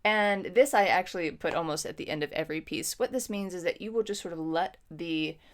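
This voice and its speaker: A woman with a fairly low voice teaches a music lesson. She explains patiently and step by step, pausing on ums as she thinks. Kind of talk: instructional lesson.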